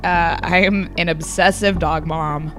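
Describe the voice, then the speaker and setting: A young woman guest at a comic convention, chatting in a rambling way with many fillers and laughs, her voice a little hoarse. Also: lowish voice, fairly even intonation, unhurried, music in the background. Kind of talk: casual interview chat.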